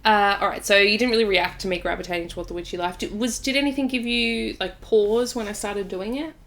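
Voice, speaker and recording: A woman's voice: medium pitch, brisk, fairly bright tone. A woman hosting a podcast, chatting casually and telling a story with lots of fillers. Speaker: podcast host. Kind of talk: casual chat.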